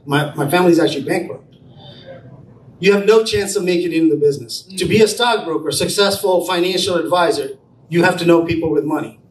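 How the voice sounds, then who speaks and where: Fast-talking man telling stories in an echoey room. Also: on the high side. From India. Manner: animated, quick storyteller acting out dialogue. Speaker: speaker at a business brunch. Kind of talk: motivational storytelling to a small audience. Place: event room at a brunch. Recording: roomy, distant mic, faint room noise.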